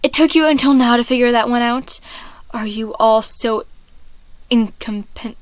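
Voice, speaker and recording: A woman voicing a cold, threatening young man in a storybook reading, low and sneering. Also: measured pace, dry recording, close to an everyday voice. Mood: menacing.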